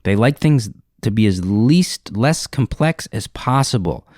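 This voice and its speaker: Animated, profane comedian telling a story. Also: male voice, fairly low pitch, a little slow, no echo, clean studio sound. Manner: animated, profane, acts out dialogue in character voices.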